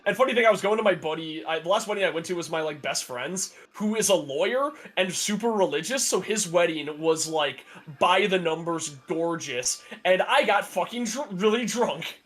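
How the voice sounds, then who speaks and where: A man's voice: high voice, expressive, moderate pace, few pauses, fairly bright tone, faint music behind. A young man chatting casually on a podcast, telling a long story with many fillers and restarts, sarcastic and laughing often. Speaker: podcast co-host. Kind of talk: casual chat.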